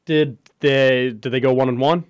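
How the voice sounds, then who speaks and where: A man hosting a sports radio talk show, telling animated stories in casual banter. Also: medium pitch, moderate pace, clean tone, no echo. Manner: animated storyteller, mimics voices in anecdotes.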